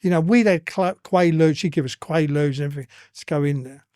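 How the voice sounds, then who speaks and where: A man's voice: fairly high pitch, a little fast, darkish tone, smooth, no echo, clean studio sound. An older man with an East London accent, telling stories as a podcast guest in a blunt, earthy way and swearing freely. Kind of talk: casual storytelling.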